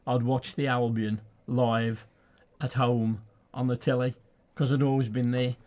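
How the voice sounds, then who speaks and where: This is a man, speaking as a studio guest on a local radio show. He talks earnestly and with emphasis, often repeating a word to press a point. His voice sits in a middle pitch for a man. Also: flat delivery, unhurried, darkish tone. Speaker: studio guest and lifelong fan. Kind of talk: conversational radio interview and reciting his own poem.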